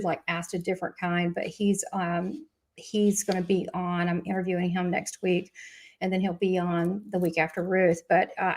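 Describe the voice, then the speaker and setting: A woman with a Southern US accent hosts a live stream from home. She talks chattily and gushes, wandering off into asides. Her voice sits at a middle pitch for a woman. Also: a little mellow. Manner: chatty, gushing, rambling with many asides. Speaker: host of a live spiritual show. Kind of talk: casual live-stream chat.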